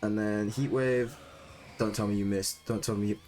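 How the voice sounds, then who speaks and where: A young man giving live commentary on his own competitive gameplay, excitable and quick to break into loud, frustrated rants. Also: fairly low pitch, soft background music. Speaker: gaming streamer.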